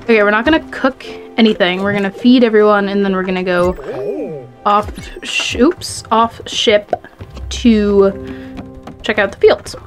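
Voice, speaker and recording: A woman's voice: mid-range voice, expressive, measured pace. Chatty woman playing a video game. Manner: chatty, giggly, talks to the game characters. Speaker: gaming video host. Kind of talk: casual let's-play commentary. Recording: faint game music behind.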